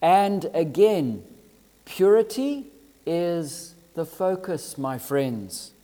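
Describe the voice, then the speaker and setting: A man preaching a sermon, reading scripture with emphatic, drawn-out phrasing that swells and drops. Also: a little high, animated, mellow. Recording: long hall reverb.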